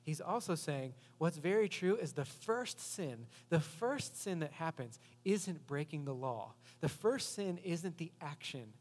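Male pastor, fairly high voice, conversational sermon, long reverb. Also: expressive, unhurried, hardly any pauses. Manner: earnest, conversational preaching with rhetorical questions.

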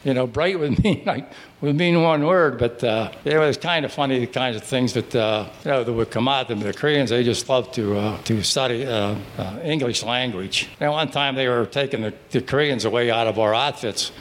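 An older man from Pittsburgh telling his service stories at a live breakfast gathering in a restaurant, in a halting, rambling way with many restarts. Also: medium pitch, slight background noise. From Pittsburgh, Pennsylvania. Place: restaurant dining room.

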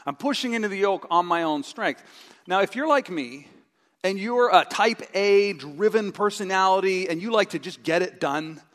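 A middle-aged male pastor preaching a sermon with a live stage demonstration, animated and acting out his own inner voice with groans. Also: sits high, moderate pace. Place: church sanctuary. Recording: long reverb of a large hall.

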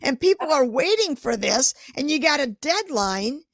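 A woman artist, a podcast guest, telling lively stories and acting out her own inner voice. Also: sits high, normal speed, dry recording. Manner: animated storyteller, acts out her inner voice. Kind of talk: casual interview chat.

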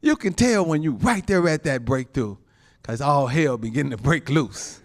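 At a moderate pace, an animated male pastor preaches, sprinkling in frequent amens and chuckles. He swings between quiet, low-pitched asides and loud, high-pitched exclamations.

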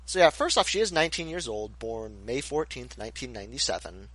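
A man's voice: mid-range voice, sing-song, a little fast, fairly bright tone, slightly rough, no echo. A man co-hosting a podcast in casual chat, sarcastic and mock-indignant. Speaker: podcast co-host.

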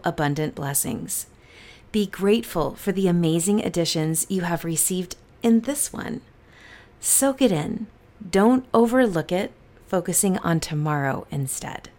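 A middle-aged woman hosting a motivational affirmation podcast, upbeat and encouraging, stretching words out for emphasis. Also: lowish voice. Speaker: podcast host.

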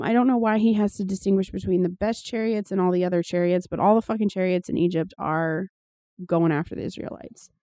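A woman's voice: medium pitch, dark tone, dry recording. A woman co-hosting a casual podcast, reading scripture aloud and adding sardonic, profane commentary. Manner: sardonic, swears freely, reads passages aloud with commentary. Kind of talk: casual irreverent chat.

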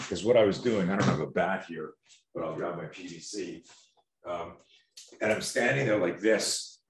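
A man with a very low voice tells stories from his youth as a podcast guest. His talk is loose and profane, full of restarts and fillers. He coaches people on fear. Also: slight background noise. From Canada. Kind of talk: casual interview storytelling.

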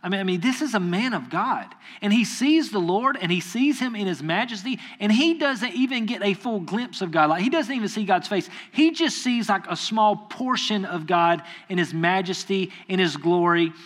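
A man's voice: high-pitched, animated, moderate pace, hardly any pauses, fairly bright tone. A man preaching a sermon in a casual, conversational way, acting out quoted voices and tossing asides to the audience. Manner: acts out quoted voices in retellings.

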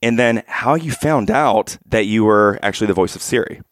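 A man's voice: fairly low pitch, normal speed, dry recording, studio quality. An upbeat, eager man co-hosting an interview podcast. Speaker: podcast co-host.

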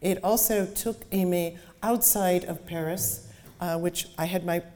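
A woman's voice: on the low side, fairly even intonation, unhurried, warm tone, slight background noise. A woman author reading aloud from her novel and then chatting about how she wrote it. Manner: chatty, with fillers and restarts when talking. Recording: long hall reverb.

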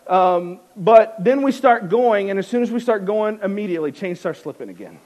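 A man's voice: high-pitched, lively intonation, moderate pace, darkish tone. A man telling a wry, self-mocking personal story to an audience, with many restarts.

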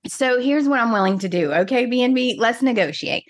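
Brisk and expressive, this woman speaks with a fairly high pitch as she co-hosts a podcast. Her casual chat turns into dramatic, playful venting.

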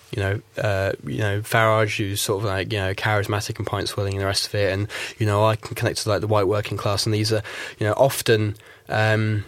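A man with a lowish voice and a nondescript English accent, speaking as a guest on a radio discussion show. He rambles, stacking fillers and restarts as he works out his point. The studio sound is close and dry. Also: fairly bright tone, no echo. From South Yorkshire, England. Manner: rambling, heavy fillers like "you know" and "like". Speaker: guest commentator.

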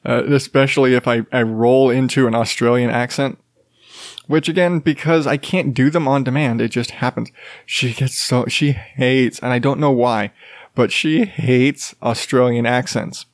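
A man hosting a podcast on his own, in a rambling and casual chat. He stops and restarts often, drops in fillers and chuckles, and his voice sits at a middling pitch. The sound is close and dry, with no room echo at all. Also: steady tone, moderate pace. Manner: chuckles while talking. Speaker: podcast host. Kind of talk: solo casual monologue.

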